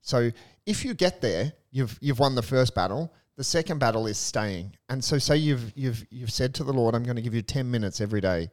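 A young adult male priest in casual faith discussion, earnest and animated, telling stories with a touch of humor. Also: medium pitch, fairly quick, few pauses. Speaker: Catholic priest, co-host.

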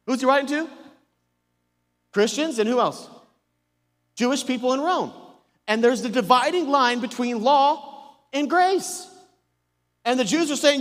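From a church auditorium stage, a male senior pastor with an extremely high, fairly bright voice speaks a little slowly and pauses often, in big-room acoustics. Slightly sick and strained, he still preaches with emphatic call-and-response questions and jokes on the side.

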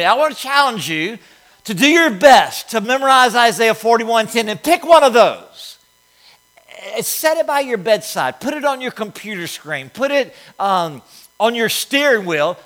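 A man's voice: very high-pitched, very animated, a little slow, fairly bright tone. A male pastor preaching a sermon to his congregation, repeating lines with emphasis. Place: church sanctuary.

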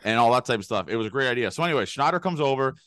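A man's voice: mid-range voice, lively intonation, fairly bright tone, no echo, clean studio sound. A young man telling a rambling, laughing story on a casual podcast. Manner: rapid rambling anecdotes, laughing, swearing. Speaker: podcast co-host.

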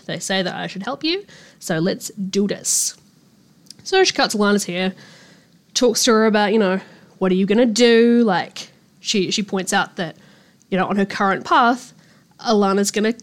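A young woman hosting a casual book podcast, retelling the story in her own loose, chatty words. She swears freely and drops into quick voices for the characters as she goes. Her voice sits at an ordinary middle pitch. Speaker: podcast host.

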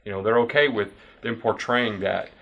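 A man's voice: lowish voice, normal speed, creaky, dull audio. A man in a casual podcast discussion, rambling and circling back with lots of fillers. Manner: rambling, repeats himself with fillers.

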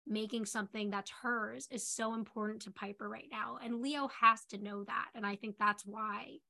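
A woman's voice: on the high side, fairly even intonation, moderate pace, creaky, pushed and bright. A woman co-hosting a podcast, talking through a character's feelings in casual chat with many fillers. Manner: thoughtful, filler-heavy analysis. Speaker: podcast co-host. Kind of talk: casual discussion.

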